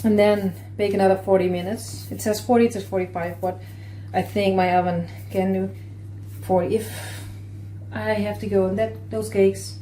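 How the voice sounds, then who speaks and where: A woman talks her way through a home baking session in a relaxed, mellow voice, musing aloud about oven times and flavors. She sounds casual and thinking on her feet, in an ordinary kitchen. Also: medium pitch, moderate pace, a little hiss or hum. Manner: chatty, thinking aloud while tasting. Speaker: cooking vlogger.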